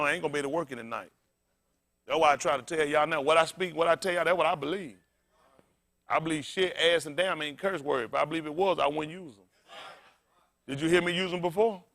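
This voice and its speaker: High-voiced animated preacher man. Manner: loud call-and-response preaching, blunt and profane; animated, often laughing. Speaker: pastor. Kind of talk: sermon.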